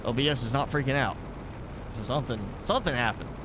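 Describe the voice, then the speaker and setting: A man's voice: mid-range voice, fast, noisy background. Rambling mild Southern-accented man streaming. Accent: mild Southern American. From American South. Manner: rambling, thinks aloud with many fillers. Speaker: gaming streamer. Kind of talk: casual live gameplay commentary.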